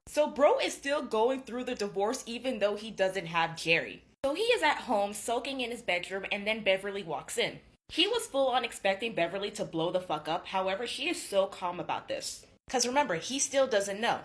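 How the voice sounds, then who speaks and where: A young woman in her twenties recapping a book in a gossipy, casual way. Her voice swings widely in pitch as she reacts. She swears freely, like chatting with a friend. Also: big pitch swings, a little fast, hardly any pauses, fairly bright tone. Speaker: booktuber.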